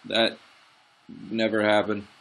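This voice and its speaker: A young man commentating his own football management game, swinging from excited play-by-play to frustrated asides. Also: on the low side, slow, vocal fry.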